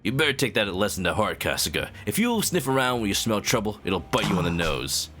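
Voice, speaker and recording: A man voicing a stoic male yakuza hero in a flat, low, deadpan way. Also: a little fast, soft background music.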